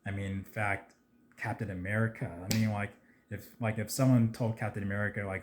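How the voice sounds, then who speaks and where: A man chatting casually about a movie trailer, rambling with lots of fillers and getting excitable at times. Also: fairly low pitch, brisk, slight background noise. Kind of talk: casual video commentary.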